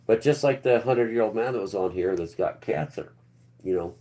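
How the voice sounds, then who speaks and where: A man in his fifties hosting a livestream, rambling to viewers in the chat and trailing off into low mutters. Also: brisk, mellow. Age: 50s. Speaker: livestream host.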